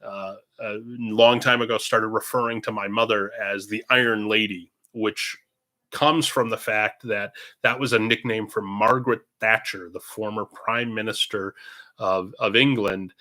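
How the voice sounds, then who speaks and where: A man's voice: on the low side, steady tone, unhurried, bright, forceful tone. A man, a parish priest, hosting a casual livestream Q&A from a room at home, talking in a chatty, meandering way. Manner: chatty and meandering, drifting between topics. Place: indoors at home, own room. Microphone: computer streaming setup.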